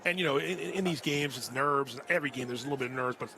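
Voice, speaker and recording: A man calling a high school football game play by play, getting louder and higher on big plays. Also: very fast, a little hiss or hum. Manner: rises sharply in pitch and volume on big plays. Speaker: play-by-play announcer. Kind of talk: live sports commentary. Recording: crowd and music behind. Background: crowd and music.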